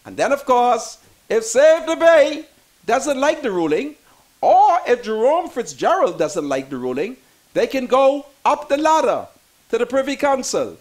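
Fiery high-pitched Bahamian man. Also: very animated, measured pace. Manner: fiery, preacher-like, repeats lines for emphasis, swings to shouting. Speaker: political commentator. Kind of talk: impassioned political commentary.

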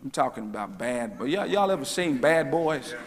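A male minister preaching a sermon, asking the congregation questions and swinging between booming calls and hushed asides. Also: big pitch swings, moderate pace. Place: church sanctuary. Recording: church hall with long reverb.

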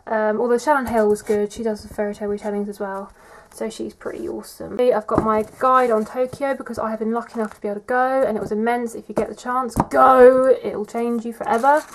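A woman's voice: a little high, level tone, fairly quick, slight background noise, poor audio. Chatty young woman, rambling vlog. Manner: chatty and rambling, says "like" and "um" often. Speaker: vlogger. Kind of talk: casual bookshelf tour vlog.

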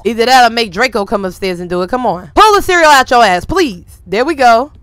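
A woman streamer giving casual, animated, slangy commentary to her viewers while playing a life-simulation game. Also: a little high, brisk, clean tone, dry recording. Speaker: gaming streamer.

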